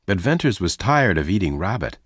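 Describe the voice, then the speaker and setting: A man narrating a simple story for English learners in short, clear sentences. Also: low-pitched, very animated, a little fast, a bit bright, dry recording. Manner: simple, evenly paced sentences.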